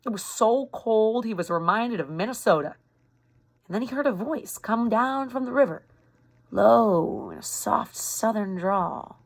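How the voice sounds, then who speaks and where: A woman's voice: fairly high pitch, animated, unhurried, vocal fry. A woman reading a chapter book aloud to a youth group, breaking off now and then with chatty explanations. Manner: chatty, explains and rereads slips. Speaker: reader for a youth club. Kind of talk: reading a novel aloud with casual asides.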